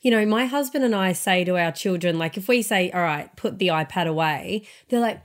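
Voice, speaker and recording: A woman's voice: on the low side, brisk. A woman, chatting animatedly as a podcast co-host and acting out what her children say. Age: 30s. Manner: animated, acts out her kids' complaints. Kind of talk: casual podcast chat.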